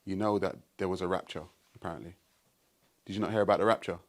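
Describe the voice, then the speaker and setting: A man's voice: deep voice, fast talker. A man, a guest commentator telling stories in casual conversation, wry and skeptical. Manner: wry, skeptical, animated storyteller.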